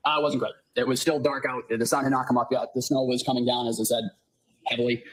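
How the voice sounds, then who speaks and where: A man testifies in court as a firefighter paramedic, answering politely and in a measured way. His medium-pitched voice is flat in delivery, and the poor audio carries slight background noise.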